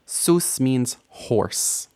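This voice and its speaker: A man's voice: medium pitch, expressive, vocal fry, warm tone, clean tone. A man teaching a Hebrew lesson, patiently sounding out letters and vowels one by one in a playful, lightly joking way. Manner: patient, playful teacher, spells out sounds slowly and repeats words. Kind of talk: recorded language lesson.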